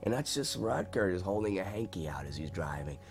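A man with a low, deep voice tells behind-the-scenes stories in an interview. He is animated, acting out quick voices of the people around him as he goes. Faint music sits under him. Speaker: actor recalling a film shoot. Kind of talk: anecdotal interview.

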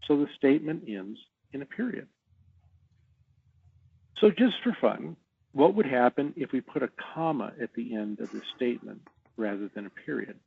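A man who trains salespeople, talking as a podcast guest and explaining in a measured way with easy laughs. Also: medium pitch, lively intonation, vocal fry, slightly rough. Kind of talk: podcast interview. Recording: tinny phone-like line.

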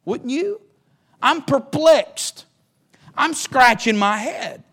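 Pastor, male, very high voice, emphatic sermon delivery with repeated words and call-outs to the congregation. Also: expressive, drawn-out words, a bit bright.

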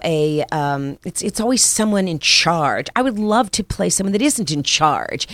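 An actress, interviewed as a guest, chats casually in a fairly low-pitched voice, with plenty of fillers and restarts. There's no room sound on the recording.

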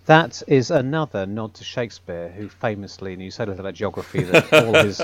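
A man's voice: lowish voice, lively intonation, fairly quick, a crowd in the background. A man in a casual podcast chat, thinking aloud in long, self-correcting sentences. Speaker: podcast panelist. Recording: dull lo-fi sound.

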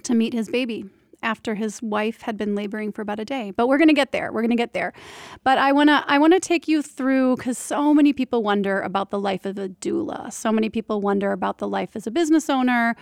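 Woman, forties, casual podcast chat, candid, somewhat high voice, dry close sound. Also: creaky, no room sound. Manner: chatty and candid, emotional, with quick restarts. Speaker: podcast host and birth doula.

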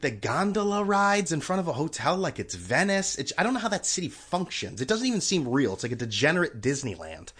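A man rants alone on his podcast, rambling and sarcastic, swearing often. His voice is mid-range, a bit bright, with a breathy edge.

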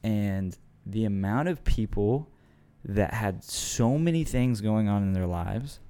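A man's voice: on the low side, animated, slow pace, warm tone, smooth. A man in casual conversation, speaking earnestly and reflectively about faith and serving others. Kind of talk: casual chat.

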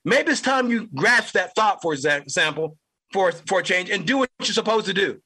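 A man's voice: high-pitched, expressive, moderate pace, pushed and bright, breathy edge, poor audio. A man hosting a political podcast, delivering an angry, heated monologue and repeating lines for emphasis. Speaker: podcast host.

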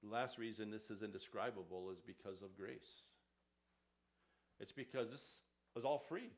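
Male pastor, sermon, gravelly voice, reads scripture with building emphasis. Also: fairly low pitch, moderate pace.

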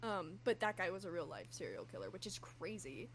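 A woman co-hosting a casual podcast chat about a horror film, talking in quick bursts with many restarts and easy laughter. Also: lowish voice, sing-song, slight background noise. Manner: chatty, lots of fillers and restarts, laughs easily. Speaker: podcast co-host.

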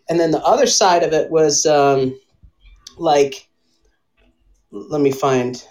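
A woman's voice: deep voice, takes it slowly, long pauses, darkish tone, poor audio. A woman hosting a casual live chat with friends, rambling through a story and laughing often. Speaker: host.

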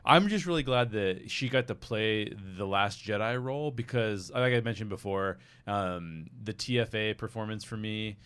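A man on a casual fan podcast, talking in a hesitant, halting way with many restarts. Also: on the low side, fairly bright tone, clear, resonant tone. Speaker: podcast panelist.

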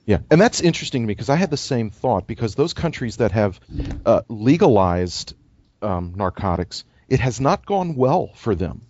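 A man's voice: mid-range voice, sing-song, normal speed, a little mellow. A man co-hosting a podcast panel discussion, emphatic and joking, often restarting his sentences. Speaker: co-host. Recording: dull, dry lo-fi podcast audio.

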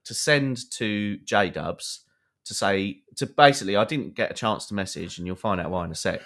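A man's voice: on the low side, moderate pace, fairly bright tone. A young man, a podcast co-host, telling a long anecdote with lots of fillers and acted-out quotes. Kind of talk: storytelling to a co-host.

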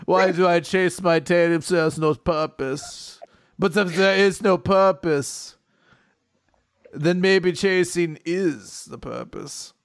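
A man voicing a big, lumpy male dog that speaks in a slow, formal, musing way, as a comedy podcast bit. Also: high-pitched, dry recording, clean studio sound. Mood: lofty musing.

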